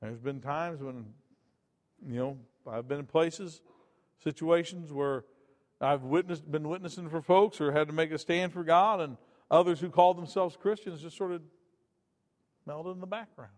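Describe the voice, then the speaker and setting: A man preaching a sermon in a high voice, swinging between loud emphatic bursts and quiet asides. His words ring out with a long reverb from a church hall. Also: moderate pace.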